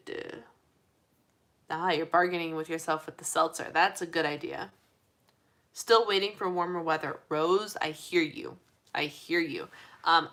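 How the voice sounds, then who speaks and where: A woman's voice: lowish voice, fairly bright tone. A young woman from the United States hosting a casual live stream chat. She talks in a rambling way, laughs often, reads out viewer comments and says her voice is tired.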